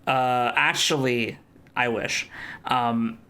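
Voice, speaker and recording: A man co-hosting a podcast in casual chat, excitable and leaning on "like" as he talks. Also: medium pitch, clear, resonant tone. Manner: excitable, fast bursts, heavy use of "like". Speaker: podcast co-host.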